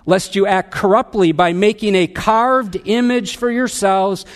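Emphatic preaching man, higher voice. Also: steady tone, a little slow. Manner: emphatic preaching with wide swings of pitch and loudness. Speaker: pastor. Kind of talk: sermon.

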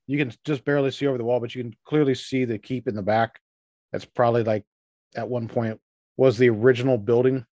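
A man's voice: medium pitch, a little mellow, dry recording, muffled recording. A man running a tabletop game as game master, describing scenes in a loose, rambling way with lots of fillers.

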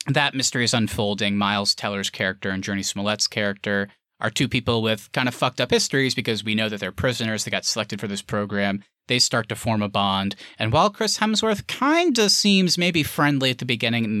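A man's voice: on the low side, bright, forceful tone, dry recording, clean studio sound. A man co-hosting a podcast, reviewing a movie in casual chat, talking freely with plenty of fillers. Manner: chatty, wordy, lots of fillers. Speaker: podcast co-host.

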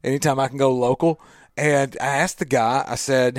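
A man's voice: medium pitch, steady tone, moderate pace, no room sound. A man from Tennessee hosting a casual radio talk show, upbeat and jokey, laughing often, recorded with a studio microphone in a small office. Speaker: radio show host and guest speaker.

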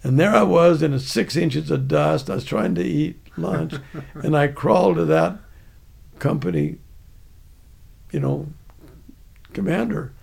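A man's voice: a little high, measured pace, long pauses, darkish tone. An older man, an army veteran guest, telling rambling stories from memory with many restarts. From United States. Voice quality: gravelly, raspy. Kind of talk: casual storytelling.

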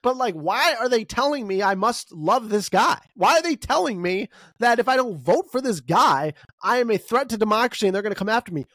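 A podcast host ranting through an opinionated solo monologue, voice leaping up and down in pitch and racing ahead in quick bursts. The delivery is emphatic and full of rhetorical questions. The recording is close and dry, with no room sound. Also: expressive, fairly bright tone, no room sound. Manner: wide pitch swings, bursts of speed.

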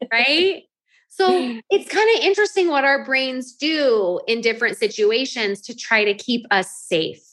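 A woman in her thirties coaching a group, telling lively stories and acting out her own thoughts. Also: sits high, unhurried. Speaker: life coach.

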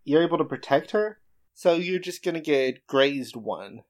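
A man acting as game master for a tabletop role-playing game. He describes the scene and works through the rules in a measured, explanatory way. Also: on the high side, animated.

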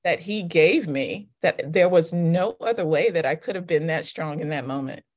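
A woman with children, a guest author, talking thoughtfully and softly about grief and faith. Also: low-pitched, lively intonation, moderate pace. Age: adult with children. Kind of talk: reflective faith conversation.

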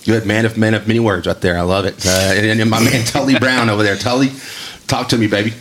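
A man with a West Texas drawl runs a casual sports podcast. He rambles in a friendly way, leaning on fillers, in a slightly low voice. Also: steady tone, quick pace, a bit bright. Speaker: podcast host.

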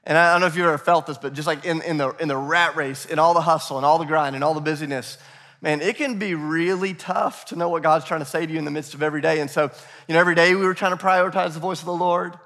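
A man preaching a sermon as pastor, energetic, repeating key phrases and prompting the congregation to call out answers. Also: on the high side, fast. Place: church sanctuary. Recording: echoey hall reverb.

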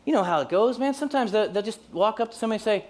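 A male pastor in his forties delivers a relaxed, conversational sermon, speaking rapid-fire in a high voice. He keeps it light with humor and acts out little everyday scenes.

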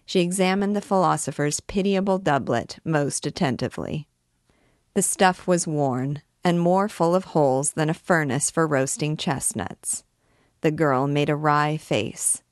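A woman narrating a classic novel as an audiobook, in a measured, even storytelling manner. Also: sits low, no echo, clean studio sound.

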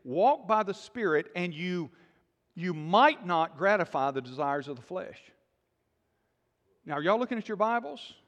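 A male pastor preaching a sermon, emphatic and questioning the congregation, dropping to quiet intensity. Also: high voice, expressive, a little slow, pauses often, long reverb tail, dull audio.

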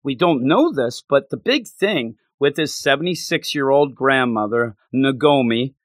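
A man co-hosting a casual podcast chat, talking animatedly and acting out characters' lines in quick bursts. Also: mid-range voice, expressive, no room sound. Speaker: podcast co-host.

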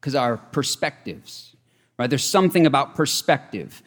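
A man's voice: medium pitch, expressive, normal speed. A man preaching a sermon, earnest and emphatic, often repeating his key phrases. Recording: long reverb of a large hall.

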